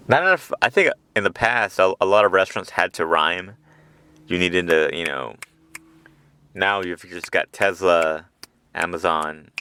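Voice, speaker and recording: Man, low voice, profane meandering stand-up monologue, bright, crisp. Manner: meandering, profane, chuckling asides. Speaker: podcast host. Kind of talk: rambling comic monologue. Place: parked car in a lot at night. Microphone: handheld portable recorder.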